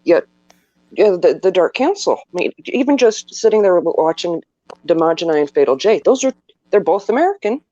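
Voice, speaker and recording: A man's voice: high voice, very animated, brisk, mellow, dry recording. A man chatting on a casual group call, starting over and repeating words as he goes. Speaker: podcast co-host. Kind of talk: casual chat. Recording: dry, dull lo-fi mic.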